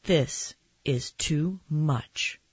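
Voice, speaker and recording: A woman's voice: sits low, very animated, unhurried, husky, dry recording, lo-fi sound, exaggerated voice. Woman reading as a weary, put-upon mom. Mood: exasperated. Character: weary, exasperated mother of a young boy. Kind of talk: storybook reading.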